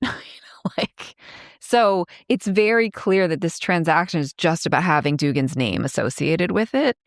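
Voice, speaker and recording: A woman in her fifties talks through a film's plot in loose, chatty podcast style, full of "like" and quick laughs. Her voice sits a little low. The sound is dry and close, with no room behind it. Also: no room sound. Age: 50s. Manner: chatty, many likes, laughs while retelling scenes. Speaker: podcast co-host. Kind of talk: casual movie recap chat.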